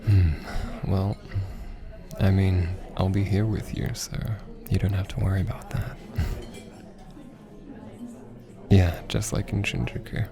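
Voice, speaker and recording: A young man in a whispered role-play as a teasing, affectionate boyfriend teaching Japanese, talking softly with frequent laughs. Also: deep voice, little pitch movement, slow, vocal fry, pauses often, crowd noise, exaggerated voice. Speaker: ASMR roleplay creator. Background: background music.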